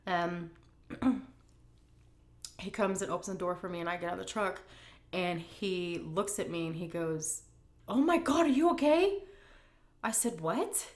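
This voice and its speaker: A woman's voice: fairly low pitch, a little slow, long pauses. Chatty middle-aged woman food vlogger. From United States. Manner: chatty, animated retelling with many fillers. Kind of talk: casual storytelling and Q&A.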